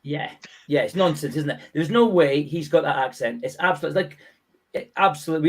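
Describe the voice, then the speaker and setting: A male guest comedian with a slightly high voice, trading playful jokes. He states silly claims with deadpan mock-certainty. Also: a little fast. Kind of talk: comic banter on a panel show.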